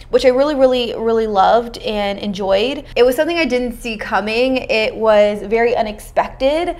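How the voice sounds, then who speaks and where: A young woman beauty vlogger chatting casually while doing her makeup, talking informally with lots of fillers and slang. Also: medium pitch.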